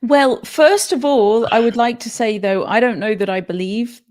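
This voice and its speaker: A woman's voice: on the high side, moderate pace, a little mellow. Earnest woman podcast guest. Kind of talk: casual podcast interview.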